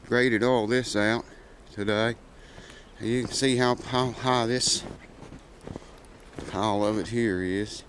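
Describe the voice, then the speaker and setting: A man's voice: fairly low pitch, fairly even intonation, takes it slowly, long pauses, fairly bright tone, slight background noise, rough recording. A man making a guitar repair video, chatting casually in a rambling, folksy way with plenty of "uh" fillers. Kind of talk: casual vlog chat.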